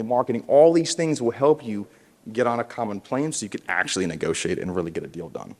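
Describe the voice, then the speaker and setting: Guy pumping up a conference crowd, voice bouncing all over, big echoey hall. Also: medium pitch. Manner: animated, punchy, with audience call-and-response. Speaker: keynote speaker at a realtors conference. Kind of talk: motivational conference speech. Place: large conference hall, indoors.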